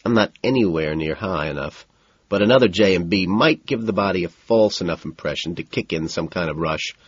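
A man reading first-person fiction as an audiobook narrator, in a measured, cool delivery. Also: sits low, animated, husky, dry recording, muffled recording.

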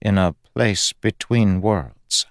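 A man's voice: lowish voice, expressive, vocal fry, no room sound, clean studio sound, voice pushed up, exaggerated voice. A man voicing a fading, pleading god. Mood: wistful. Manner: halting, pleading, stammering. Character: fading frail male god, anxious and clingy.

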